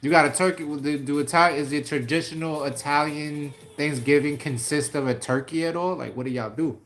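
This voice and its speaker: A man from New York City with a New York accent, hosting a casual livestream and chatting with viewers in lively slang. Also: fairly high pitch, fairly quick, faint music behind. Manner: animated, slangy, laughs often, talks to viewers by name. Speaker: livestream host. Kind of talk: casual live chat reading comments.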